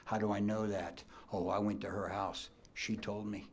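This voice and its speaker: A man in his sixties with a Midwestern American accent, a coach giving a storytelling hall of fame acceptance speech from a podium, dropping to whispers and bursting out loud. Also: lowish voice, flat delivery, normal speed, slight background noise. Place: banquet hall at a ceremony.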